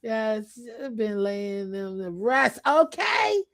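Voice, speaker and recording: A woman chatting casually to her viewers on a livestream, loud and playful, laughing often and trash-talking. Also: mid-range voice, big pitch swings, slow pace, no room sound. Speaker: channel host. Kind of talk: casual live chat.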